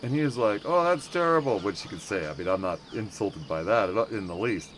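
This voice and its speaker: A deep-voiced American man talks quickly while hosting a casual game stream. He meanders, cuts into his own sentences, uses many fillers, and playfully botches German words, with a bit of background noise.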